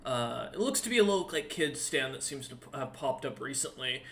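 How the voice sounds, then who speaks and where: A man narrating a tabletop game as game master, halting and full of ums and uhs. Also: medium pitch, sing-song, fairly bright tone.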